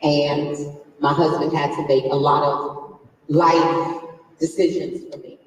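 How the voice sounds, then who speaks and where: A woman's voice: deep voice, flat delivery, takes it slowly, slight background noise. Woman speaking in an echoey hall. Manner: conversational, quizzes the crowd, emotional personal story. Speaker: conference speaker. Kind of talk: motivational business talk to a live audience. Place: large conference hall stage. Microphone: distant from the recording mic. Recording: echoey hall captured from far off.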